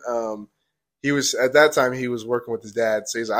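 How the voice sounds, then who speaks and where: A man's voice: mid-range voice, fairly even intonation, fast talker. A young man, a podcast host, telling a story casually with many "like"s and acted quotes. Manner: rambling, many "like"s, acts out quotes.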